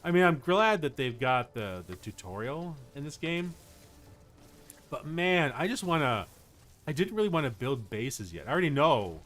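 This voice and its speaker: Animated, chatty male streamer. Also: fairly high pitch, moderate pace. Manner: animated storyteller, chatty, mutters while playing. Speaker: streamer and voice actor. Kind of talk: casual gameplay livestream chat.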